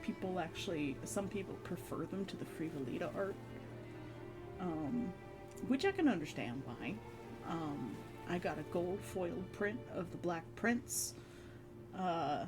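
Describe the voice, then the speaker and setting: A woman streamer chatting casually, rambling and laughing often between phrases. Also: fairly low pitch. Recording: background music under voice. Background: background music.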